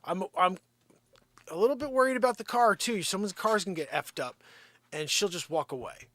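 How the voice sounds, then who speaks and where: A man's voice: high-pitched, brisk, fairly bright tone, no echo. A man hosting a live daily stream, chatting casually and joking as he tells a story and talks to his dogs. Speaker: livestream host.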